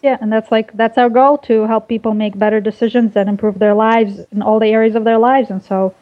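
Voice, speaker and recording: Woman, from Russia, phone-line sound, measured explaining, guest. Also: fairly high pitch, flat delivery. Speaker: guest, nonprofit co-founder. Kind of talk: casual interview over phone.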